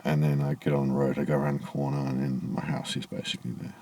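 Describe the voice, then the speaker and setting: Outdoors in low evening light, a vlogger tells the camera a rambling, aggrieved story and swears freely throughout. His voice rumbles low and dark with a gravelly texture, delivered flatly at a quick pace.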